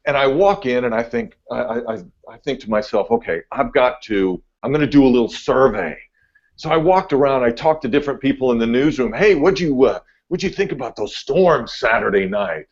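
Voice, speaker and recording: A man's voice: mid-range voice, a little fast. Laid-back male meteorologist guest, chatty storyteller, slightly dull lo-fi sound. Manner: laid-back, animated when telling stories. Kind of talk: casual podcast storytelling. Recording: dull lo-fi audio.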